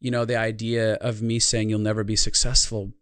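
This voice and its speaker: A man's voice: fairly low pitch, monotone, a little fast, a bit bright, clean tone, no echo, clean studio sound. A man speaking as a guest on a podcast, telling a reflective personal story in an earnest tone. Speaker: podcast guest, life consultant. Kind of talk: podcast interview conversation.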